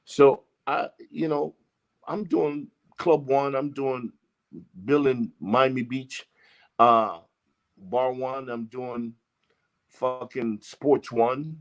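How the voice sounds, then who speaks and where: A man's voice: mid-range voice, steady tone, extremely slow. A man from Jamaica, a guest telling a long story in casual, profane talk and acting out the lines of the people in it. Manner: profane, emphatic, acts out quoted exchanges. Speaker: interview guest.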